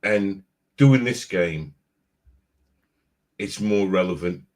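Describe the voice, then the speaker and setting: Slow and low-voiced, a man runs a casual live stream, talking with animation. He laughs easily and repeats words as he pulls his thoughts together.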